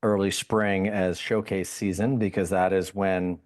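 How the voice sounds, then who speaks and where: Very deep-voiced man talking. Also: a little slow. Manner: relaxed, explanatory, dry humor. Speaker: league CEO and president, podcast co-host. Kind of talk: casual podcast chat.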